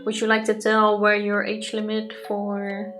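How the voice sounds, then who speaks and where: A woman chatting casually during a let's play, with a teasing, wry back-and-forth manner. Her voice sits at an ordinary pitch for a woman. Faint music plays behind her. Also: completely flat delivery, measured pace. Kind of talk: casual chat.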